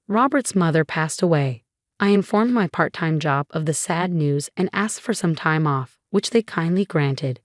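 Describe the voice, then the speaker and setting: Woman with a steady, lowish reading voice. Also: dry recording, studio quality. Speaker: narrator. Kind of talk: scripted first-person story narration.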